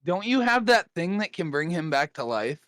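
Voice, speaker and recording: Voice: mid-range voice, big pitch swings, moderate pace, fairly bright tone. A player in a tabletop game, playful and teasing in character. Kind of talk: casual tabletop play.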